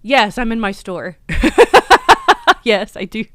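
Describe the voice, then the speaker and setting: A woman running a casual live stream from her store, chatty and excitable, with lots of ums. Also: mid-range voice, normal speed, clear, resonant tone, dry recording, clean studio sound. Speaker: shop owner hosting a livestream.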